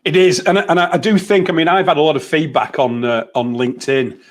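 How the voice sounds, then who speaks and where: A man's voice: fairly high pitch, fairly even intonation, fairly quick. A man, a motivational coach in a casual group chat, telling stories and laughing easily over a video call. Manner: chatty storyteller, laughs easily.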